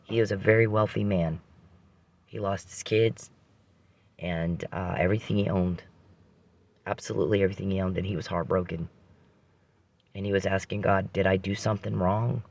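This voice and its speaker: A man's voice: low voice, fairly even intonation, moderate pace, gravelly, long pauses, a little mellow. A man hosting a podcast, telling a rambling personal story with frequent restarts and religious reflection.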